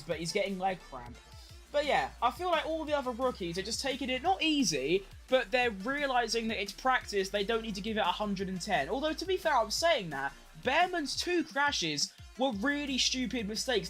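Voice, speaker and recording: A young streamer talks through a race watch-along in a loose, rambling way, throwing in casual swears. The voice sits at a middling pitch for its kind, and faint music plays quietly underneath.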